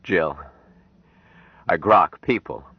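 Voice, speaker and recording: A man voicing a calm, wondering outsider man. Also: low voice, takes it slowly, no echo, exaggerated voice. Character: grown man raised apart from humans, calm and wondering. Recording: dry, dull lo-fi audiobook recording.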